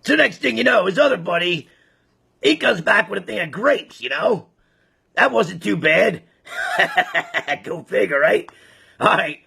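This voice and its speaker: A man's voice: high-pitched, animated, unhurried, vocal fry, pauses often, pushed and bright, breathy edge. A man casually telling a crude, rambling joke, full of fillers. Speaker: joke teller. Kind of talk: casual storytelling.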